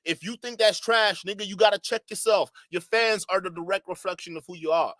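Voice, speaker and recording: Man, fairly high voice, bright tone, dry close sound, casual exasperated reaction commentary. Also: a little fast, no echo. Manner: casual, exasperated, stammers and restarts. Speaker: commentary channel host.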